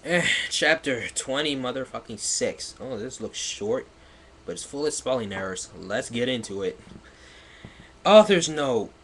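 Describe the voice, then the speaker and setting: A man's voice: medium pitch, expressive, unhurried, a bit bright, slight background noise. A man giving a mocking live read-aloud of a piece of fan fiction, laughing, swearing and stumbling over its misspellings. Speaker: livestreamer.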